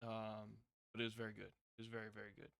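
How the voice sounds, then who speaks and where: Young guy rambling thru a wrestling review, lots of ums, gets loud when hyped, smooth voice, dry close mic. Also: on the low side, completely flat delivery, fast, dry recording. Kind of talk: casual recap review.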